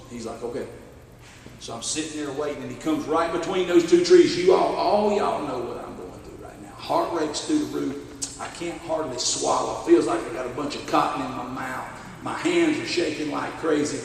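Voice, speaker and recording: A middle-aged man with a Southern US accent, a sheriff telling a story in a keynote speech in an animated, folksy way. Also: medium pitch, creaky, recorded from a distance, slight background noise. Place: church hall at a benefit dinner. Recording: echoey hall, voice from afar.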